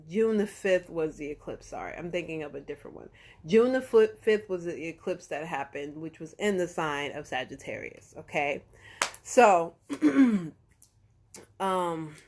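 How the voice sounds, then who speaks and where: A woman tarot reader in casual astrology talk on a live stream. She is slangy, swears now and then, corrects herself and keeps checking in with "okay?" and "right?". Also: on the low side.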